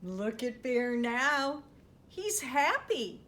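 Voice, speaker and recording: A woman librarian reads a picture book aloud to young children and keeps asking them questions. Her voice is high and swings widely in pitch. She takes it very slowly, drawing out every phrase. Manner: animated, asks children questions. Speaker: children's librarian storytime host.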